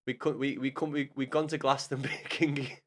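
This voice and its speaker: A man's voice: medium pitch, little pitch movement, brisk, fairly bright tone. A man streaming live, rambling and swearing, laughing a lot and talking to viewers by name. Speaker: livestreamer. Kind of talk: casual live stream chat.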